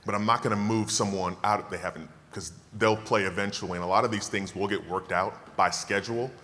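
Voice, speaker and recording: A keynote speaker in his fifties from Tallahassee, Florida, takes questions from a dinner audience in a relaxed Q&A, emphatic and self-assured, with jokes. His low voice sounds bright and forceful, with a steady tone and a brisk pace. The long reverb of a banquet hall surrounds him.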